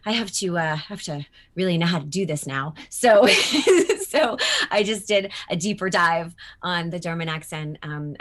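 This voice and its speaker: A woman voice actor chatting in an interview, animated and full of fillers and quoted asides. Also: low-pitched. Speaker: voice actor guest. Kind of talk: casual interview chat.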